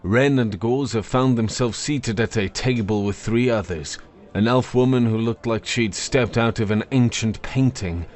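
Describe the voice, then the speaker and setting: A man narrating a fantasy story in a measured, expressive storytelling manner. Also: mid-range voice.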